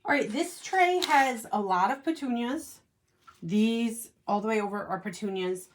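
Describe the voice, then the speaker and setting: Chatty upbeat woman, slightly high voice. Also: a little slow. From United States. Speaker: gardening channel host. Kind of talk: casual vlog walkthrough. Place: indoors at a window plant rack.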